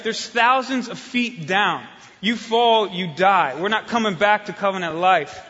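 Excitable high-voiced young preacher. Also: male voice. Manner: animated, builds to excited shouting while telling a story. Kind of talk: sermon with storytelling. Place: church hall. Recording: dull sound, long hall reverb.

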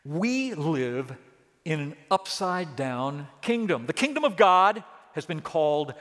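A man preaching an expository sermon, switching between quiet stress and rising, emphatic exclamations. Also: fairly high pitch, very animated, takes it slowly. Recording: long reverb of a large hall.

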